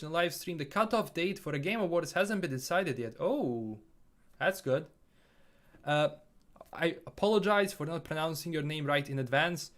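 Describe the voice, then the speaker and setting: A man's voice: fairly high pitch, fairly bright tone. A man from Bosnia with a Bosnian accent, casually reading viewer comments aloud and answering them on a live stream.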